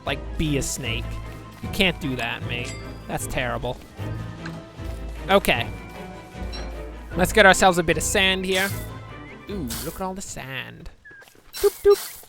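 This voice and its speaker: Bright-voiced man rambling over gameplay. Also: on the high side. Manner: joking, self-deprecating, chatty asides to viewers. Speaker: gameplay commentator. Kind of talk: rambling let's-play commentary.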